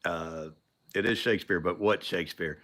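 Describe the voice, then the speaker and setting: A man's voice: low-pitched, normal speed, fairly bright tone. A man hosting a show, telling a story casually, rambling with frequent laughs and restarts. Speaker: show host.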